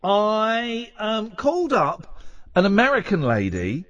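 A man's voice: sits high, wildly swooping pitch, takes it slowly, a bit bright, dry recording, muffled recording. A man hosting a late-night radio show, rambling and teasing his co-host in a playful, chatty way. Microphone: studio microphone.

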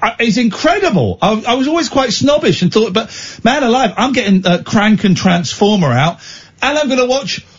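A man hosting a late-night radio phone-in, chatting and telling stories in a playful, animated way. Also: very high-pitched, moderate pace, husky, dull audio. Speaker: radio show host.

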